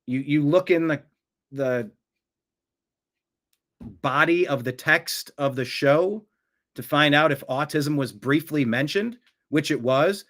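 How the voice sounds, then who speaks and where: A man's voice: fairly high pitch, unhurried, long pauses, a bit bright. Profane, confrontational male livestream host. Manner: profane, confrontational outbursts at a commenter; mutters to himself while fixing stream settings. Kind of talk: live-stream talk.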